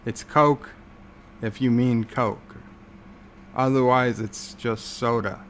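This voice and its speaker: Slow, gravelly-voiced man rambling sarcastically. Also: medium pitch, fairly even intonation, slight background noise. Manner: rambling, sarcastic, many filler words. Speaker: livestream host. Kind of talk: casual livestream chat.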